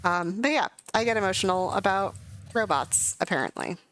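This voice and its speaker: A woman's voice: medium pitch, expressive, normal speed, a bit bright, poor audio. A young woman streaming a game, chatting casually and emotionally with lots of fillers. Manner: rambling, emotional, many fillers. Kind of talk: casual gameplay commentary.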